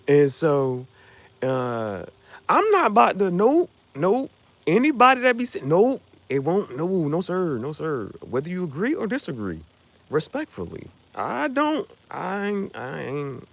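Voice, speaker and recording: A man talks loosely on a livestream, walking through his shirt designs. His delivery is rambling and slangy, hopping from one thought to the next. His pitch swings widely and sits in a middle register. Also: gravelly. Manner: rambling, slangy, jumps between topics. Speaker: streamer designing merch shirts. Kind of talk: casual livestream chat.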